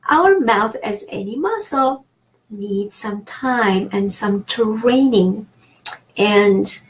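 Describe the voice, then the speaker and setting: A woman with a French accent gives an online language lesson in a slightly high voice. She speaks slowly and deliberately and draws out every vowel. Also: rough recording. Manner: slow, deliberate, stretched vowels. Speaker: language teacher.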